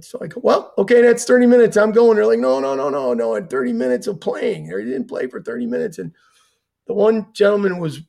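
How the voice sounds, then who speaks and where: A man's voice: on the high side, creaky, darkish tone, breathy edge. An older man, a retired fire chief, telling a personal story in an earnest way and acting out the dialogue he quotes. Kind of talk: storytelling in a conversation.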